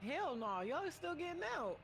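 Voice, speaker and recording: A woman playing an online game with friends, shouting excited call-outs and slangy jokes over voice chat. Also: high-pitched, normal speed, noisy background. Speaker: fellow player in a game voice chat. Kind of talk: casual gaming chat.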